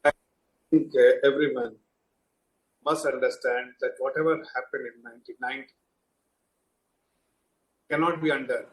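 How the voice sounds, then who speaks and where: A man speaking as a political spokesman on a TV panel, measured and earnest. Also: medium pitch, fairly even intonation. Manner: measured, earnest, halting with fillers. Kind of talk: TV panel debate. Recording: echoey dull remote audio link.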